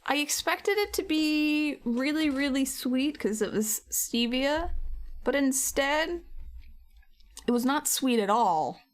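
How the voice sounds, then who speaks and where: A woman's voice: high voice, lively intonation, takes it slowly. Chatty young woman streaming her crafts. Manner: chatty, giggly, talks to viewers by name. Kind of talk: casual chat while painting, reading chat.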